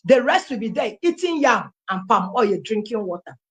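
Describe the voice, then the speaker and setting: Nigerian woman, thirties, Igbo first language, lively storyteller with a higher voice. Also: moderate pace. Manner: animated storyteller, acting out dialogue. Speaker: testimony speaker. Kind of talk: personal life story told aloud.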